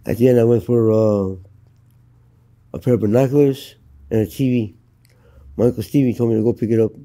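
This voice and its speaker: A middle-aged American man tells his story in an interview, blunt and full of profanity. His voice is very dark and mellow. He sits at an ordinary middle pitch and speaks flatly, as if stating plain facts. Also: fairly quick. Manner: blunt, profane, matter-of-fact. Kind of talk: candid storytelling. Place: Los Angeles.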